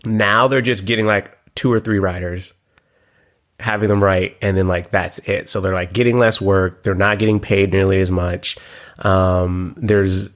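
Lower-voiced man co-hosting a chatty podcast. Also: fairly even intonation, unhurried. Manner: chatty, explains things with frequent "like". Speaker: podcast co-host. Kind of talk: casual chat.

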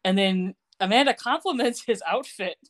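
A woman with a medium-pitched voice co-hosts a podcast, speaking at normal speed as she chattily recaps a TV episode and laughs often.

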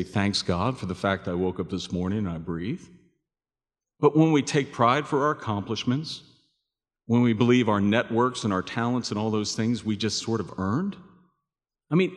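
A man preaching a sermon as pastor, talking conversationally and asking his listeners rhetorical questions. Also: medium pitch. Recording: long hall reverb.

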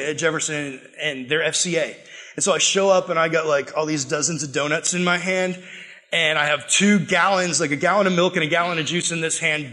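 This young man preaches to a room of students in a loose, playful way, jumping into little acted-out voices as he tells his stories. His voice sits high for a man and rings bright and forceful. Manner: animated, joking, acts out quoted voices. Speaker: youth pastor. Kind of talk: casual sermon to students.

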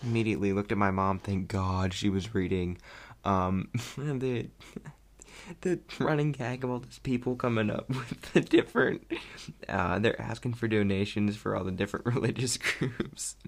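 A young man chatting casually about a movie he loved, rambling and excitable and laughing often. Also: lowish voice, normal speed, creaky. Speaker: vlogger reviewing a movie. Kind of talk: casual chat.

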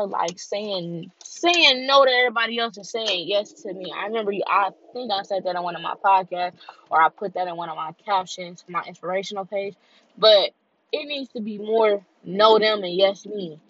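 A woman's voice: mid-range voice, a bit bright. A woman vlogger talking in a candid, heartfelt freestyle monologue, repeating herself as she goes. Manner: candid, heartfelt, repetitive and conversational. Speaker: vlogger and podcaster. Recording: dull lo-fi recording.

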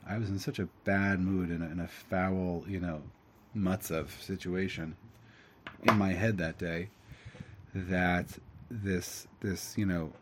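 A man's voice: low voice, fairly even intonation, slow, noisy background. A man giving a casual spiritual talk, rambling and reflective, with many fillers. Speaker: host telling a spiritual story.

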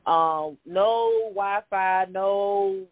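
A woman's voice: medium pitch, extremely slow. A woman co-hosting a casual podcast, talking straight to her listeners with slang and pet names. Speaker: podcast co-host. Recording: tinny phone-like sound.

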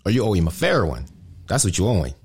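A man hosting a podcast, ranting indignantly in casual, profane street slang, often jumping high with emphasis. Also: very animated, fast, darkish tone, breathy edge. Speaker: podcast host.

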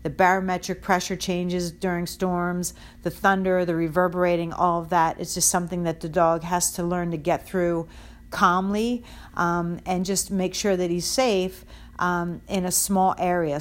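A woman's voice: on the low side, little pitch movement, measured pace. A woman dog trainer giving casual, direct advice, talking it through with frequent ums and you-knows. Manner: direct and instructive, with many fillers.

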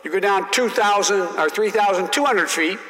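A man's voice: sits high, normal speed, bright, forceful tone, reverberant, big-room sound, voice pushed up, low-quality recording. A man doing a drawling old senator. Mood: folksy, lecturing. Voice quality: drawling, says oil as "Earl". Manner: lecturing, sly and patronizing. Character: fast-talking, folksy older Southern senator.

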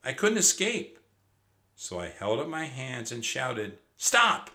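A man doing an excited little girl's voice. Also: medium pitch, measured pace, pitched above the performer's own voice. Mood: amazed. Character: young girl, brave and gentle with animals.

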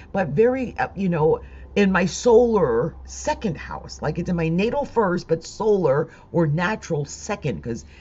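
A woman's voice: lowish voice, a little mellow. A middle-aged woman, an astrologer, telling an upset, rambling story about money troubles and fighting back tears. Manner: upset, rambling, restarts sentences. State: near tears. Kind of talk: personal vlog monologue. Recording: dull lo-fi sound with faint music.

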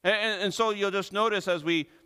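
Man, pastor, sermon, somewhat high voice, bright tone, emphatic repeated phrases. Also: steady tone, fairly quick, smooth. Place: church.

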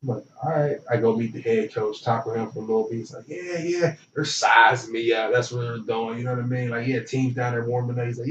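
An animated young man who tells stories from his small-town youth, switching into the voices of the people he describes. He sounds a bit distant from the mic in a roomy space, with a dull, muffled tone and faint noise behind him. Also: medium pitch, a little fast, few pauses. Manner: animated, acts out voices in anecdotes. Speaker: interview guest. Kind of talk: casual storytelling. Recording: roomy, dull and slightly noisy.

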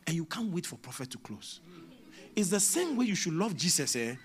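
A man with a Ghanaian English accent preaching a sermon as a prophet, moving between hushed asides and shouted exhortation. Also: a little high, very animated, a little fast.

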